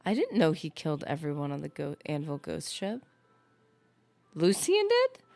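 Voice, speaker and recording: A woman's voice: low voice, huge pitch swings, moderate pace, creaky, darkish tone. A woman streaming a game, chatting casually and rambling to her viewers as she plays. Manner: chatty, rambling, talks to chat. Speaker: gaming streamer. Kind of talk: casual live-stream commentary.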